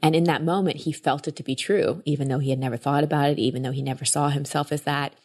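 Woman, podcast host, low voice, enthusiastic, casual storytelling. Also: steady tone, fast, a little mellow.

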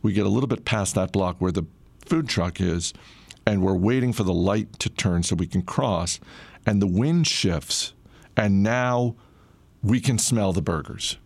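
A middle-aged man casually telling a personal story in a relaxed, conversational way, with frequent "uh" fillers. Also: fairly low pitch, a little slow, creaky, no room sound.

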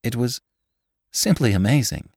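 A man voicing a cool, offhand young woman who speaks in a hushed way. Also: fairly low pitch, animated, moderate pace, no echo, studio quality.

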